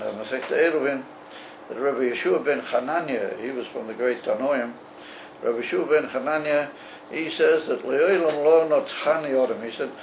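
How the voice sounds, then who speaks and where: A rabbi leads a class on a religious text against a noisy background. His male voice is mid-range, and he explains slowly and haltingly, with many pauses and filler words.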